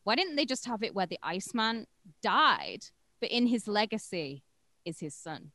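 A woman co-hosting a podcast, chatting casually in a blunt, profane, animated way. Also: medium pitch, moderate pace, dry recording. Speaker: podcast co-host. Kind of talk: casual chat.

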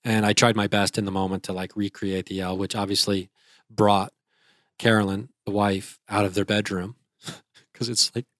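Young male guest, lowish voice, vivid casual storyteller, dry close sound. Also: level tone, normal speed, fairly bright tone, dry recording. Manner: vivid, breathless retelling with restarts.

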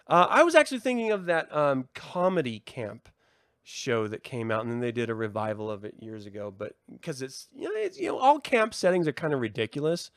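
A man hosting his own podcast, excitedly chatting, laughing and swearing often. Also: a little high, dry recording, studio quality. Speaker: podcast host. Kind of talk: casual podcast chat.

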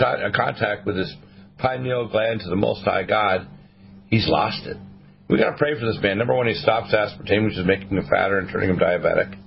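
A man's voice: lowish voice, gravelly, muffled recording. A man hosting a talk radio show, rambling in a sermon-like way and quoting the Bible. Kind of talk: preachy radio monologue.

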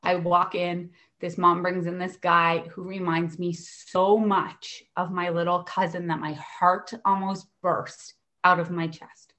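A woman in her thirties, a special education worker, telling lively stories from her work in casual conversation. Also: fairly low pitch, a little slow, few pauses. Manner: lively, chatty, animated storyteller. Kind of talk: storytelling in conversation.

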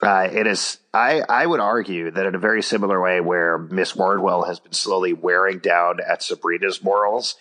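Deep-voiced man joking through a podcast recap. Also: normal speed, hardly any pauses, pushed and bright. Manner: jokey, thinks aloud with many fillers. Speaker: podcast host. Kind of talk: casual podcast recap chat.

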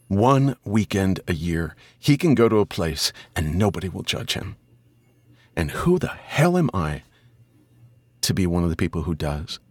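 A middle-aged man with a very deep voice tells a story as a podcast guest. He is animated and swears freely, and breaks into loud, high-pitched asides. The sound is dry and close to the mic. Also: dry recording. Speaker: audiobook narrator and guest. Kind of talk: casual storytelling interview.

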